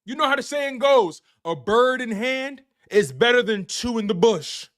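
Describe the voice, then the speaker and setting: High-voiced man hosting a sports show. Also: unhurried. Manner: animated, repetitive, playful trash talk to chat. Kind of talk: casual live-stream sports talk.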